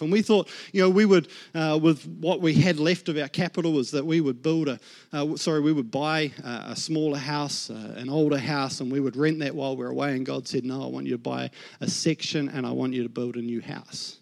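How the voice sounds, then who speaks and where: A man's voice: a little high, a little mellow. A man in his thirties with a New Zealand accent, telling his own story in a sermon and acting out the voices in his head. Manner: storytelling, acts out his inner voices and God's words. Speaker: guest preacher. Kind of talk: sermon testimony.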